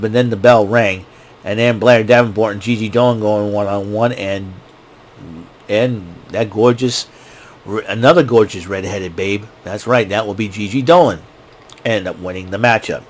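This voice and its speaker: Rambling, excitable male recap host. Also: mid-range voice. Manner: rambling and excitable, restarting sentences. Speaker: show host. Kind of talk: casual wrestling recap.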